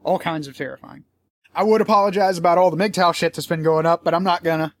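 A man's voice: fairly high pitch, steady tone, quick pace, dry recording. Rambling, profane man. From United States. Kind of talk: casual commentary vlog.

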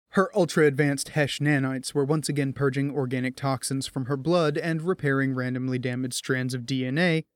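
A man narrating a science fiction audiobook in an even storytelling manner. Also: medium pitch, no room sound. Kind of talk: scripted narration.

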